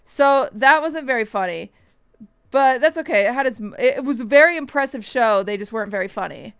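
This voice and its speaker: A woman streamer telling a story to her chat in a casual, animated way, swearing often and acting out the voices of people she quotes, with hiccups. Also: a little high, a little fast, clean tone, no room sound, studio quality.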